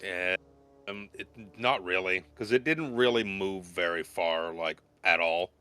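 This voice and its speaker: A man narrating as game master of a tabletop game, telling the story in an animated, expressive way. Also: sits low, measured pace, clear, resonant tone, dry recording, faint music behind.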